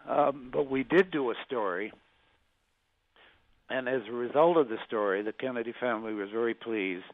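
An older man, a former magazine journalist, recalling past stories as an interview guest, speaking haltingly with frequent restarts. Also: medium pitch, narrow, tinny audio. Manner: halting, with many restarts and fillers.

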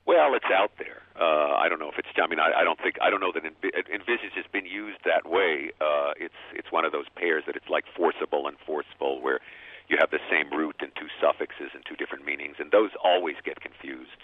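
Deep-voiced male linguist guest, stammering restarts, thin phone-line sound, dry. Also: dry recording. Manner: halting, repeats words often. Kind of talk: radio call-in conversation.

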